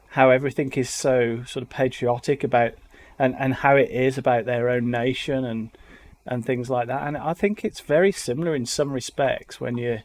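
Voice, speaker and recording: A man's voice: mid-range voice, darkish tone. A man from England with a light Black Country accent, hosting a reaction video in a rambling, exasperated way. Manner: rambling, exasperated, repeats words. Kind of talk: casual commentary.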